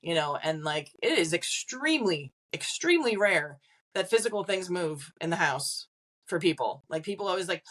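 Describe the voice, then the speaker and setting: Chatty low-voiced woman medium. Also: animated, moderate pace, a bit bright. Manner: chatty, acts out quoted voices, frequent "like" fillers; laughs between points. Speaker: psychic medium guest. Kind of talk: casual podcast interview.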